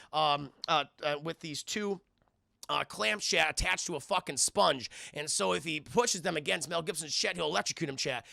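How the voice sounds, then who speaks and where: A man's voice: on the high side, creaky, pushed and bright, no room sound, clean studio sound. A man casually recapping a film scene by scene for his stream chat, swearing freely and acting out the characters' lines. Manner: profane, keeps addressing the chat, acts out movie lines.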